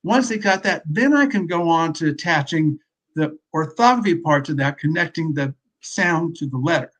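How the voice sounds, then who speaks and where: A man's voice: a little high, expressive, normal speed, a bit bright. A man from the US West Coast, a literacy expert guest explaining his points in a casual, conversational panel discussion.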